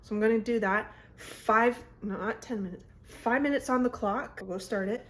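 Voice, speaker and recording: Sitting by a mirror at home, a young beauty vlogger talks through a casual makeup tutorial, recorded on her phone camera. Her mid-range voice moves at a moderate pace with hardly any pauses as she rambles and cuts herself off. There's a little hiss or hum in the recording.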